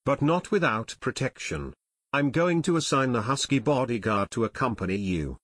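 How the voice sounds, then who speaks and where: A man's voice: medium pitch, expressive, moderate pace, fairly bright tone, slightly rough, dry recording, clean studio sound. A man reading aloud voicing a decisive, businesslike company president in an audiobook.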